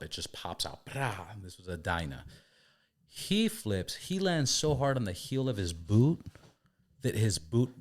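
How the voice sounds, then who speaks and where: A man hosting a casual podcast, telling stories in an animated way. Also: lowish voice. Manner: animated storyteller. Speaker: podcast host.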